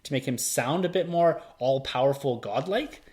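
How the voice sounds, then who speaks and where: A man's voice: mid-range voice, expressive, normal speed, darkish tone. A man hosting a podcast, leading a casual movie review chat and asking his co-hosts questions. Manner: leads the talk, asks the others questions. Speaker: podcast host.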